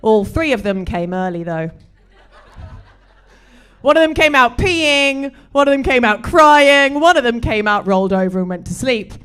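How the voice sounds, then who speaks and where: A middle-aged British woman from Britain performing a stand-up set, deadpan and bawdy. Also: a little high, measured pace, smooth. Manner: dry, deadpan delivery with bawdy jokes. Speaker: stand-up comedian.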